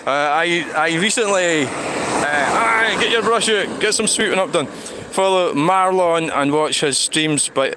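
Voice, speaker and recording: A man's voice: a little high, measured pace. A Scottish man streaming while he walks a town street, rambling and swearing as he answers viewers' comments. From Scotland. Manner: rambling, sweary, talks back to chat. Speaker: livestreamer. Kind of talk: casual walking livestream chat. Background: street traffic noise.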